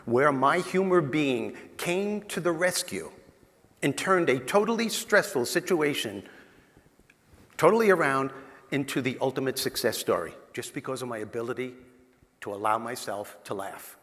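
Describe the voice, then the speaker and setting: A man giving a humorous motivational talk, telling a story to a live audience in a punchy, animated way. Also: medium pitch, normal speed. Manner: animated, punchy, talks directly to the crowd. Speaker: motivational speaker. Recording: long reverb of a large hall.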